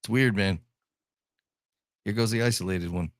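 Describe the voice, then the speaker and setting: A man's voice: on the low side, normal speed, no echo, clean studio sound. A man from Ohio co-hosting a podcast in casual chat, joking, laughing often and repeating his words. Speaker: podcast co-host.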